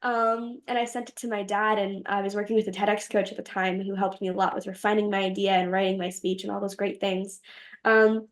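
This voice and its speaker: A woman's voice: medium pitch, brisk. A young woman telling a story as an interview guest, bubbly and giggly, acting out her own reactions in quoted lines. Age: young adult. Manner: bubbly, giggly, quotes herself in animated voices. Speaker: podcast host and guest.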